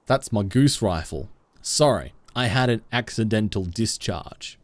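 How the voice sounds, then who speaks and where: Joking around in a casual live-stream, this man reads his viewers' chat aloud while playing a game at home on a desk mic. He speaks with a fairly low, expressive voice at an unhurried pace, and the recording is dry.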